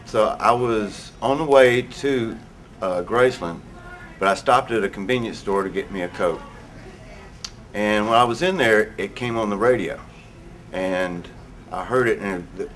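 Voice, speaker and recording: A man being interviewed, recalling a painful memory in a halting voice with many pauses. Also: lowish voice, fairly bright tone, slight background noise. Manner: halting, pausing often. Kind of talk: emotional recollection.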